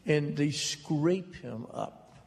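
An older man telling stories slowly and jokingly to a live audience in a hall. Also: on the high side, a little mellow. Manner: slow, drawling, joking storyteller. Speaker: author on a talk stage. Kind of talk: storytelling at a public talk. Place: large hall before an audience. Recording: reverberant hall with faint noise.

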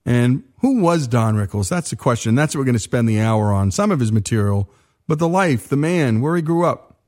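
A man hosting a radio program, narrating a scripted biography segment in a measured, explanatory way. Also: mid-range voice, expressive, a little mellow. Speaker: radio host.

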